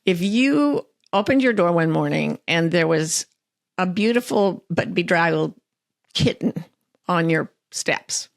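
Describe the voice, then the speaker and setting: A middle-aged woman author speaking as an interview guest, earnest and animated as she tells stories and quotes her own self-talk. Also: lowish voice, a little slow, gravelly, no room sound, clean studio sound. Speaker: author and life coach, guest. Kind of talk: interview conversation.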